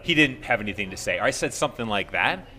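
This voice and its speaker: Man, podcast co-host, animated storyteller, lively pitch, bright tone, casual swearing. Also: fast talker. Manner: animated storyteller, swears freely, acts out quotes.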